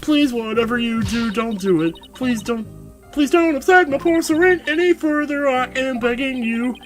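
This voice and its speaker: Weepy, devoted young woman in a trembling falsetto, put on by a man; game dub. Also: normal speed, faint music behind. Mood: pleading. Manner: high pleading falsetto, tearful sobbing.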